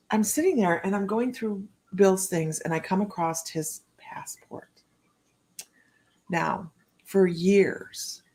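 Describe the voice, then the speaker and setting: A woman hosting a relaxed live stream from home, talking in a loose, rambling way. She laughs often and greets viewers by name as she reads their comments. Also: medium pitch, vocal fry. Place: home, indoors.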